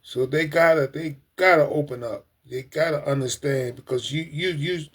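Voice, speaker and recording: An earnest man with a slightly high voice speaks directly to his livestream viewers in a loose, casual way. He gets emotional, repeats his points over and over, and keeps calling his audience ladies and gentlemen. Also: moderate pace, few pauses. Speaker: livestream host.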